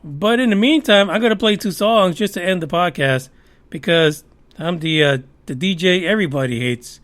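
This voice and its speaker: A man's voice: sits high, moderate pace, a bit bright. A man hosting a podcast, giving heated, profane, sarcastic commentary on the news. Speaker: podcast host.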